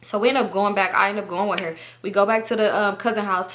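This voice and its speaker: A young woman vlogger telling a story in casual chat, animated and full of slang and swearing. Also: medium pitch, quick pace.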